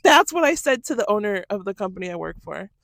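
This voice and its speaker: Lady cohost, loud animated storytelling, cusses a lot, dry close sound. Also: medium pitch, quick pace, gravelly, dry recording. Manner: animated storyteller, swears freely. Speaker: podcast co-host. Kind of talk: casual chat. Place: podcast studio.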